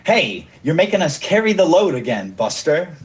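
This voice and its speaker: A man's voice: a little high, sing-song, moderate pace, pitched above the performer's own voice. A boastful pirate first mate giggles and taunts his enemies, voiced by a man. He sounds cocky and pleased with himself, in a slightly raised, playful voice. A man does the voice at a tabletop game.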